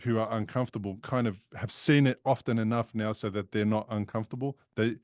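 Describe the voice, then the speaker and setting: A man's voice: fairly low pitch, fairly even intonation, brisk, darkish tone, no echo. A man as an interview guest, talking openly and emphatically about recovery in casual conversation. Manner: open, frank and emphatic.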